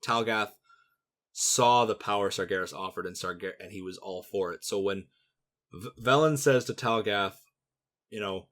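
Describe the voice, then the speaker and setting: A lower-voiced man co-hosting a casual fan podcast. He talks steadily and walks through story events one step at a time in a relaxed, conversational way. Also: normal speed. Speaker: podcast co-host. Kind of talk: casual fan lore discussion.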